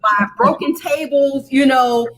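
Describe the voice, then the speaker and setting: A woman hosting a casual talk show, excited and effusive as she talks. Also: high-pitched, unhurried, a little hiss or hum. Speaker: host. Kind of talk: casual chat.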